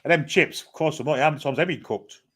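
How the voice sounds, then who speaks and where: A man's voice: fairly high pitch, a little fast, fairly bright tone, breathy edge. A man co-hosting, blunt and sweary, cracking mocking jokes in casual banter. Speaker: co-host.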